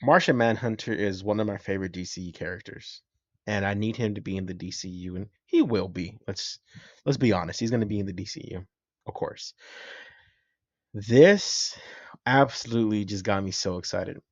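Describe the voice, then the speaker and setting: A man's voice: lowish voice, moderate pace, dry recording, dull audio. A man giving casual, enthusiastic reaction commentary as a vlogger, rambling and swearing freely. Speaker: comics and film reaction vlogger.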